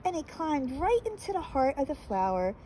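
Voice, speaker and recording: A woman reading a children's picture book aloud, gentle and expressive. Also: sits high, normal speed, slight background noise, poor audio. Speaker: storyteller.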